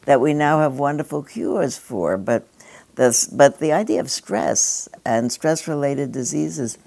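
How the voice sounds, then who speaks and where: Very deep-voiced older woman, musing aloud. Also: a little slow, gravelly, a little mellow. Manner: rambling, digressive, with conversational asides. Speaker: speaker addressing a gathering. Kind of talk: reflective spoken address.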